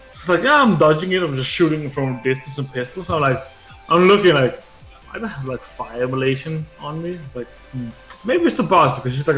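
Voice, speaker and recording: A man's voice: on the high side, a bit bright. A man telling a gaming story in casual chat, rambling and swearing, with lots of filler words. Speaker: gaming streamer. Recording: echoey room with faint game music.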